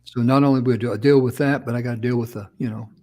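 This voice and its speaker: An easygoing man co-hosting a relaxed talk show. He tells his stories in a folksy, meandering way, backing up and restarting mid-sentence. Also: medium pitch, quick pace. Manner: folksy, rambling storyteller with restarts. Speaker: co-host. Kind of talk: casual talk show chat.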